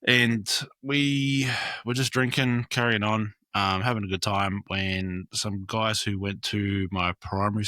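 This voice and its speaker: A young Australian man spins a long story in a loose, rambling way, full of "like" and "um" and casual swearing. His voice is low-pitched and bright, and the sound is dry and close. He talks at an easy podcast pace. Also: no room sound. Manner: rambling, lots of fillers and swearing. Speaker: podcast guest, graffiti artist.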